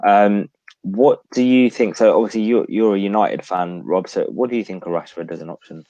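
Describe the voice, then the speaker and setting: A man's voice: lowish voice, normal speed, mellow, no echo, lo-fi sound. A man co-hosting a podcast in casual chat, reeling off statistics and laughing at his own slips. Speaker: podcast co-host. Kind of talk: casual chat about fantasy football.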